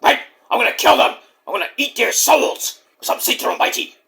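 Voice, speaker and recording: Gleeful evil Satan in a raspy breathy whisper, bright hissy edge, put on by a man. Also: very high-pitched, expressive, brisk, voice pushed up, heavily acted. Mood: menacing. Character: hissing evil male Satan, gleeful and menacing.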